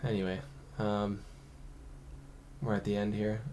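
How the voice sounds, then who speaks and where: A man's voice: lowish voice, level tone, a little slow, mellow, slight background noise. Brief: young man, podcast host, dry teasing delivery, casual swearing. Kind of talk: casual chat.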